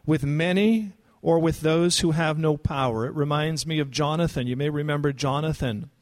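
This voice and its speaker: Earnest pastor, a man preaching. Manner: conversational, earnest, rises in pitch for emphasis. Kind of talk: expository sermon.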